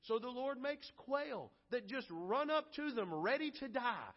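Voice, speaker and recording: High-voiced pastor preaching in a reverberant hall. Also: male voice, unhurried. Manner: animated, acts out grumbling voices in his preaching. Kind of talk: sermon. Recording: lo-fi recording with long hall reverb.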